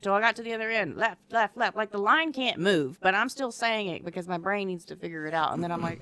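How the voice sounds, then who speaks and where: Podcast co-host, woman, lower pitched, animated storyteller. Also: a little fast, clean tone. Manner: animated storyteller, acts out her own past reactions. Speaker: co-host teaching decorative rod wraps. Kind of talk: casual podcast chat.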